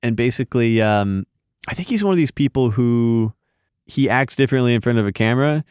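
A man's voice: mid-range voice, brisk, darkish tone, smooth, no room sound, studio quality. A man, a magazine editor, telling a rambling story in casual podcast chat, full of fillers and restarts.

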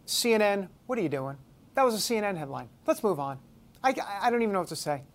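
A woman's voice: medium pitch, big pitch swings, quick pace. Sarcastic woman talk radio host. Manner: sarcastic, mocking, laughs at headlines.

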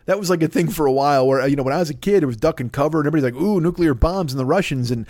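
A man's voice: fairly high pitch, racing, a little mellow, no echo, studio quality. A middle-aged man hosting a comedy podcast, talking in a rambling, profane, self-deprecating monologue full of tangents. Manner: profane, self-deprecating, jumps between tangents and mock voices.

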